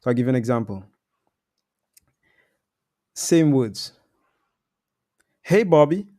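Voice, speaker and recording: Mellow-voiced laid-back sales coach man. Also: medium pitch, expressive, measured pace. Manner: laid-back slang, teaching with examples. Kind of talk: casual live discussion.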